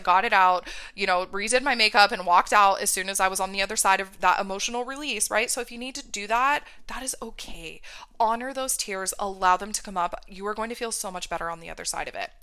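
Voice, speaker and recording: A woman coach talks through self-care strategies with earnest, emphatic warmth, tagging her points with "right?". Her voice is bright and clear, with a smooth, crisp tone. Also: medium pitch. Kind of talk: motivational self-help talk.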